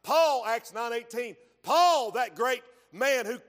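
A man's voice: very high-pitched, animated, takes it slowly, fairly bright tone, big-room sound. A man preaching a fervent sermon, punctuating his points with frequent amens.

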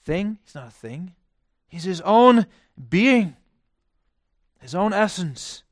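A male preacher delivering a sermon, swinging from hushed, quiet phrases to loud, emphatic declarations. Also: high-pitched, big pitch swings, slow, no room sound, clean studio sound.

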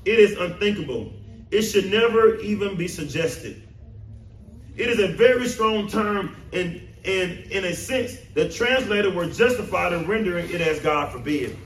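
A man preaches in a high voice, rising into emphatic bursts and firing questions at his congregation. His sermon rings around an echoey church room, picked up from a little way off the mic. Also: expressive, moderate pace, slight background noise. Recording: roomy echo, mic at a distance.

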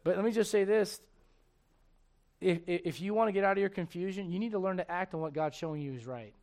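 A male pastor with a notably high voice delivers a lively sermon. He jokes with the congregation and slips into acted-out voices, animated throughout. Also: fast talker. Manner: animated, joking, acts out voices.

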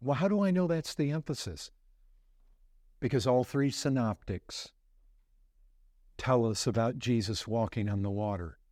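A male pastor preaching a sermon, asking rhetorical questions and building to emphatic, lively delivery. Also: on the high side, dry recording, studio quality.

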